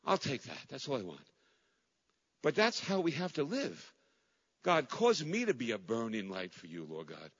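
A middle-aged man preaching an impassioned sermon as pastor, swinging from loud cries to hushed near-whispers and repeating his phrases. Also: mid-range voice, huge pitch swings, normal speed, pauses often, slightly rough. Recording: dull recording in a large reverberant hall.

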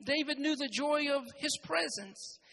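High-pitched preacher giving a sermon, keeps repeating phrases, gets loud and emphatic. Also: measured pace, vocal fry, a little hiss or hum, rough recording.

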